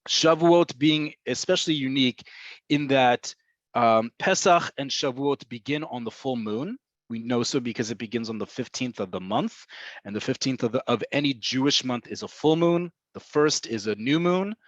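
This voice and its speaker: A man's voice: medium pitch, normal speed, dry recording, highs cut off. A man giving an online webinar lesson on Hebrew vocabulary, explaining patiently with frequent "um"s and "right?" check-ins. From Israel-based. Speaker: Hebrew teacher.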